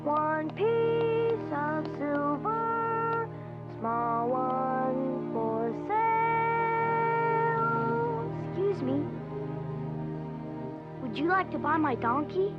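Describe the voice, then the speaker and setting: A woman voicing a gentle, pleading cartoon boy. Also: high voice, lively intonation, very slow, pauses often, lo-fi sound, over loud music, heavily acted. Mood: plaintive song. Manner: soft, pleading, earnest. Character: gentle poor young boy selling his donkey. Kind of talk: animated film voice acting.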